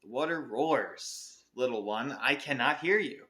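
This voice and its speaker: A man voicing a stern, impatient mother in a storybook, speaking slowly and haughtily. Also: mid-range voice, expressive, pushed and bright. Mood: scolding. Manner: slow, haughty, scolding. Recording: roomy echo.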